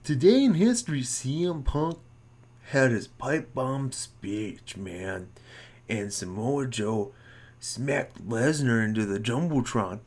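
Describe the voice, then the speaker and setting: Podcast guy, slow talker, super lively pitch that jumps way up when hyped. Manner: theatrical, voice shooting up high when excited. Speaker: podcast co-host. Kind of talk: casual podcast chat.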